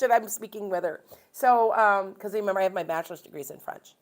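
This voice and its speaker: A woman's voice: mid-range voice, fast talker, slight background noise. A chatty woman from Wisconsin hosts a live stream as a tarot reader. She talks in a casual, rambling way and airs blunt opinions freely.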